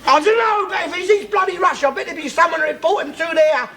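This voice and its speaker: An actor playing a loud, bigoted middle-aged working-class man in a 1970s TV sitcom, ranting and swearing constantly. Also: very high-pitched, fast, gravelly, a crowd in the background. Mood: furious. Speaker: bigoted head of the household. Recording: hissy old TV soundtrack.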